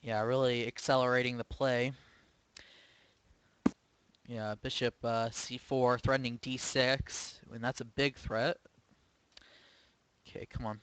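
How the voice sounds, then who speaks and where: A man's voice: mid-range voice, flat delivery, slow, pauses often, fairly bright tone, clear, resonant tone, poor audio. Man thinking aloud over a chess game. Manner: thinking aloud, hesitant, self-questioning. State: sleepy, yawning. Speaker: chess streamer. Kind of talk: live game commentary.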